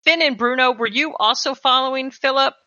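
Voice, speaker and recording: A woman's voice: high-pitched, fairly quick, sharp tone, no room sound, highs cut off. A woman game master narrating and asking her players about their actions. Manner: checks actions, asks players questions.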